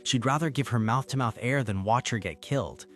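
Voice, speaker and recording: A man narrating a comic story recap in steady scripted storytelling. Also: medium pitch, brisk, faint music behind.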